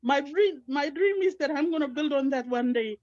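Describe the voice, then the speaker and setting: A woman's voice: high-pitched, lively intonation, moderate pace, a little mellow, no echo, muffled recording. A middle-aged woman from Guinea, speaking, gives an earnest, heartfelt personal testimony on an online call. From Papua New Guinea. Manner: heartfelt and earnest, fervently religious. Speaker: team member sharing her story.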